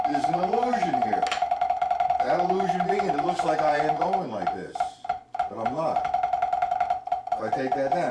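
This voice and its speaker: A man teaching a live-streamed drum lesson, counting strokes aloud as he plays and calling on viewers by name. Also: mid-range voice. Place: indoor room, live stream. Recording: roomy, distant mic with clear noise.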